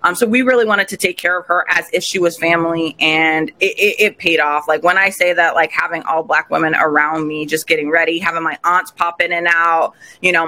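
Woman guest, bright voice, animated and expressive storyteller in a casual chat. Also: lowish voice. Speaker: podcast guest, recent bride. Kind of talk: casual interview conversation.

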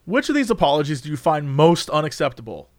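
A man's voice: on the high side, big pitch swings, fast talker, no echo, studio quality. A young man hosting a casual chat, reading quiz questions aloud and joking about the answers, with some swearing. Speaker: host.

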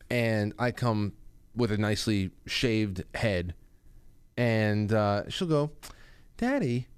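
A man's voice: on the low side, smooth, dry recording. A middle-aged man hosting a casual call-in talk show, chatty and reading listener stories aloud. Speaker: radio talk show host.

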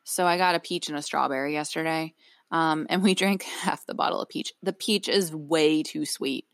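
A young woman co-hosting a casual podcast, her voice sitting a little low for a woman. She rambles along, cutting herself off and restarting her thoughts. The recording is close and dry. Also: moderate pace, no echo. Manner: chatty, rambling, self-interrupting. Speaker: podcast co-host. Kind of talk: casual chat.

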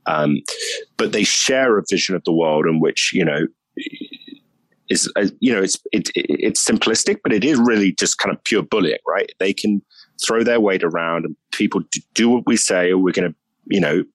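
A man's voice: deep voice, normal speed, dry recording, poor audio. A man with a British accent, a guest commentator giving emphatic, opinionated views in a conversational political discussion. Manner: emphatic and opinionated, thinking aloud.

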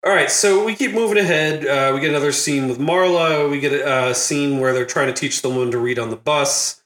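A man hosting a casual movie recap podcast, laughing often and acting out quotes in a loud, high voice. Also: fairly quick, roomy sound. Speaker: podcast host.

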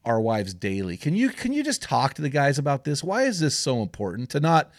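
A man's voice: mid-range voice, sing-song, fairly quick, dry recording. Earnest man host, dry close voice. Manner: earnest, blunt, repeats questions for emphasis. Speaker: podcast host. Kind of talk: conversational interview.

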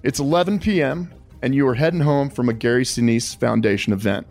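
A man's voice: mid-range voice, a little fast, darkish tone, soft background music. Man hosting, calling his guest sir. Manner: addresses guest as sir, dramatic scenario telling. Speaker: podcast host. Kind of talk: interview with a survival game.

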